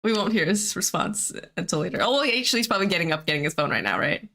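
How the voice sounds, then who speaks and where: Woman streamer, home setup, bright ringing tone, giggly rambling chatter. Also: fairly low pitch, expressive, very fast. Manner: giggly, rambling with many fillers. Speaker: streamer and host. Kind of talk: casual live-stream chat.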